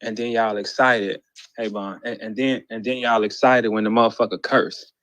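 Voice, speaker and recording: A man's voice: on the low side, steady tone, normal speed, no room sound. Profane ranting man, dry close sound. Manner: profane, incredulous, mocking, shouts quoted lines. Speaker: battle rap commentator. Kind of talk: heated ranting monologue.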